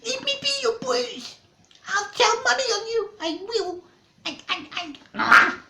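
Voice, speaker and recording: A shrill, feisty little girl, as a man puts her on in a comic storybook reading, her high voice leaping all over the place. She squeals her protests in slow, drawn-out cries, and the room around her sounds echoey. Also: lively intonation, heavy background noise. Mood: indignant.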